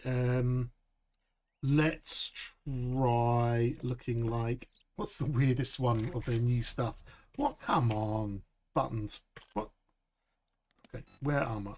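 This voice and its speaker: Slow-talking streamer man. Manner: chatty, upbeat, says "boom" a lot. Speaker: game streamer. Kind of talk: live gameplay commentary.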